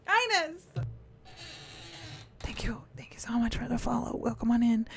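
A woman's voice: on the high side, very animated, unhurried, gravelly. A woman streaming a video game, chatting playfully with viewers, greeting them by name and humming along with a giggle. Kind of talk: casual live-stream chat.

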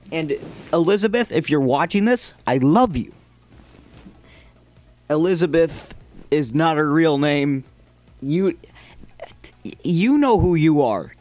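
Young male gaming YouTuber, slightly high voice, unhurried delivery, jokey and rambling, yells at the game. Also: dry recording. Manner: joking, rambling, shouts at the game. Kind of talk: casual gameplay commentary.

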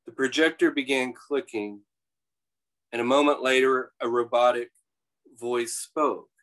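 A man, the author, introducing and reading aloud from his novel at a public library event, pausing with fillers as he talks. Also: medium pitch, steady tone, fairly bright tone, rough recording. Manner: halting, many fillers and restarts before reading.

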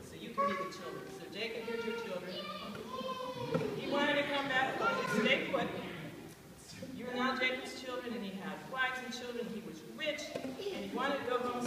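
A woman clown performing a story live for children, playful and animated, laughing between lines. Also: on the high side. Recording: echoey hall from far off, noisy.

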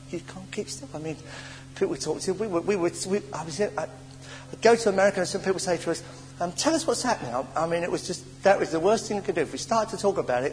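A high-pitched English man preaches in a church hall, his voice trailing into a long reverb. He tells stories with stammers, sighs and sudden drops to near murmurs. Faint hiss sits under the old tape. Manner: animated storytelling with stammers and sighs. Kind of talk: sermon.

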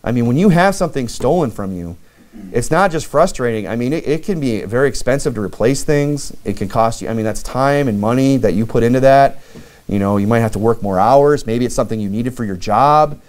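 Male pastor, mid-pitched, chatty sermon delivery, fills with "you know," acts out quoted lines. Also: fairly quick. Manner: conversational preaching, many "you know" fillers, acts out lively quoted dialogue.

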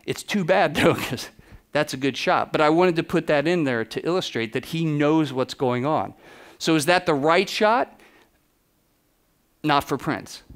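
A man giving a conference keynote, telling stories in a casual, animated way, full of fillers and acted-out quotes. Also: fairly high pitch. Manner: animated storytelling, acts out quotes with voice drops; casual, many "like" and "you know" fillers. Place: conference stage before an audience.

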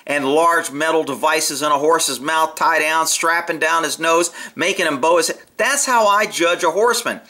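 A man's voice: sits high, sharp tone. A man giving blunt, profane, opinionated commentary over a horse training video.

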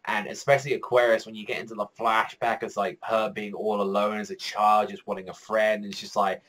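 Rambling, excitable young man reviewing anime. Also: lowish voice, a little fast. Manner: excitable, rambling, heavy filler "like", swears freely. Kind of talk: casual reaction review.

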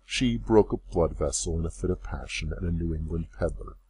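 A man reading a classic story aloud as narrator, in measured storytelling. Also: sits low, dark tone. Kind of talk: scripted audiobook narration.

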